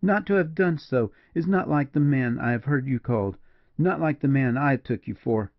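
A man's voice: medium pitch, normal speed, no echo, lightly acted. A man voicing an impassioned, distraught young lady in a dull, dry recording of an audiobook. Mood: accusing.

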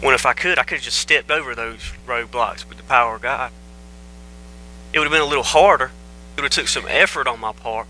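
A man preaches, his voice very bright and ringing. He talks to the congregation in a relaxed, folksy way, cracking jokes and telling the story like a chat. He speaks into a microphone in a church. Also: medium pitch, brisk, a little hiss or hum, low-quality recording. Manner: folksy, joking, conversational storytelling. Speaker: pastor. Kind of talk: casual folksy sermon. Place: church sanctuary.

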